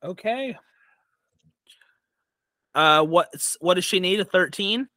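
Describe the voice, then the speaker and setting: A man narrating as dungeon master in a tabletop game, halting with many fillers and restarts. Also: high voice, expressive, bright, forceful tone, dry recording.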